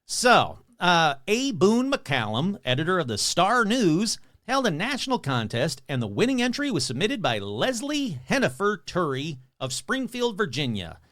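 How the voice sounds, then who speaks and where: A podcast host with a fairly high voice that bounces all over the place, chatting sarcastically and rambling as he mocks himself and his material. The sound is dry and close, with no room around it. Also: huge pitch swings, normal speed, few pauses, a bit bright, dry recording. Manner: sarcastic, rambling, self-mocking. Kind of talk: casual comedic chat.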